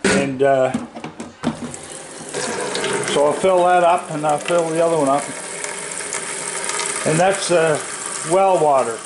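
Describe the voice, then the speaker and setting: An older man, chatting casually outdoors at his house, plainspoken, coaxing the animals gently as he talks. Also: on the high side, slow, pauses often, background noise. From Nova Scotia, Canada. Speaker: wildlife vlogger. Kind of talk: casual talk while feeding raccoons.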